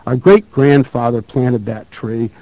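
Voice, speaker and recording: A man voicing a gentle, cheerful old man in his seventies as he reads a story aloud. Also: medium pitch, fairly even intonation, unhurried, dry recording, natural voice, poor audio. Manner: gentle, beaming, easygoing.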